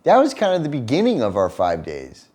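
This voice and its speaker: A young vlogger tells a story about his partner to the camera, speaking a little fast in a medium-pitched, slightly breathy voice. He's casual and animated, laughing often, swearing freely and acting out what people said.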